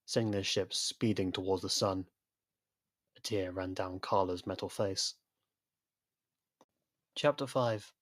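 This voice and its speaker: A man narrating a story in a steady storytelling delivery. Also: lowish voice. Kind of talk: scripted narration.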